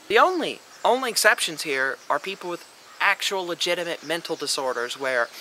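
A man's voice: mid-range voice, bright, forceful tone, a little hiss or hum, rough recording. A young man delivering an emphatic, lecturing monologue on a vlog, swearing freely as he argues his point. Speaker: vlogger. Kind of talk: opinionated monologue.

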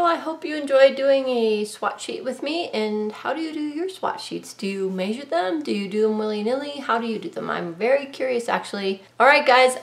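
Middle-aged woman, art vlog host, chatty tutorial delivery, slightly high voice. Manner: chatty, upbeat, shows things to camera. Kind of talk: casual craft tutorial vlog. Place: home art studio.

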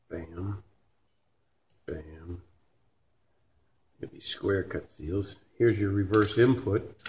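Canadian man, deep voice, casual swearing shop talk, noisy garage. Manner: blunt, joking, swears casually. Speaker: transmission rebuilder. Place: transmission repair shop.

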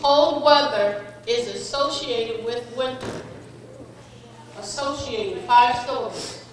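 A high-pitched woman reads out spelling words slowly and patiently as the pronouncer, addressing each young speller as friend. Her voice sounds distant from the mic and rings through a reverberant school hall, with faint background noise. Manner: measured and patient, calls each child friend. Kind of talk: reading words, definitions and sample sentences.

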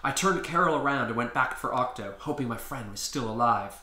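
A man reading his own story aloud in a lively storybook narration. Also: medium pitch, a little fast, roomy sound. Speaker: author reading his book.

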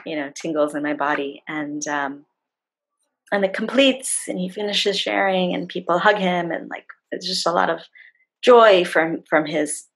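A middle-aged woman with a lowish voice, husky and a little gravelly, tells a story over a video call. She slips into the voices of the people in her story as she goes. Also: unhurried, low-quality recording. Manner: warm, animated retelling with acted-out quotes. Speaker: facilitator and guest. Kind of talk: storytelling in a conversation.

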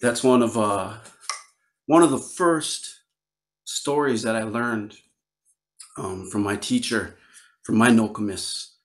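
A man from Northern Wisconsin telling a traditional story in a relaxed, conversational way. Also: fairly low pitch, slow, long pauses. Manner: relaxed, conversational, many fillers. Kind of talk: oral storytelling.

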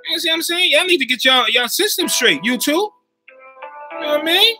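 A man talking casually to his viewers on a livestream, slangy and animated, and he keeps checking in with his audience. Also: very high-pitched, a little fast, over music. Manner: slangy, animated, keeps checking in with "you know what I mean". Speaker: YouTuber live-chatting with viewers.

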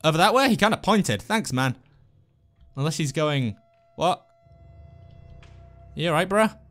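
A man giving lively, jokey gameplay commentary as a let's play host, talking to the characters on screen. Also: a little high, measured pace, soft background music. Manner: excitable, jokey, talks to the game characters.

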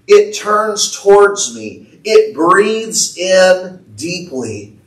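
Slow-speaking man preaching in an echoey church. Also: high-pitched, expressive, far from the mic. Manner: slow, declaiming prophecy in the Lord's voice with rising intensity. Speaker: pastor. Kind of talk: prophetic sermon. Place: church sanctuary.

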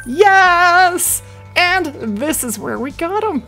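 A woman's voice: a little high, lively intonation, normal speed, faint music behind. A woman hosting a gaming channel, chatting through a hunting game and thinking aloud to her viewers. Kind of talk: hunting game play commentary.

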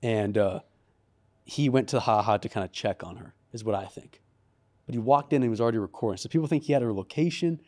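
A man co-hosting a casual studio podcast, telling an animated story and acting out the people in it. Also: on the low side, fast. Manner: animated storyteller, acts out quotes in raised voice. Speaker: podcast co-host.

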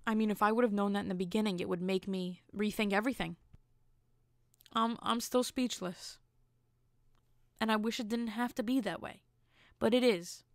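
A woman's voice: mid-range voice, moderate pace, long pauses, no room sound, studio quality. A young woman hosting a solo podcast, telling a dating story bluntly and acting out the quotes as she goes. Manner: animated, acts out quotes. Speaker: podcast host. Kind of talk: casual solo podcast monologue.

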